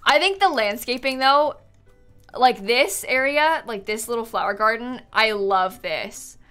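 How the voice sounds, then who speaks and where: A bubbly woman streamer chats her way through viewers' builds, her voice a little high and very bright. She sounds sleepy, yawning between lines, with faint music playing under her. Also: a little slow, clean tone. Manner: bubbly, chatty, many "like"s. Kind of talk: casual live-stream chat.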